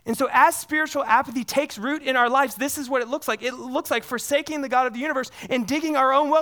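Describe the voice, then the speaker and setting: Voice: high-pitched, quick pace, few pauses, sharp tone. A pastor preaching a sermon, earnest, often asking the congregation questions and repeating words for emphasis.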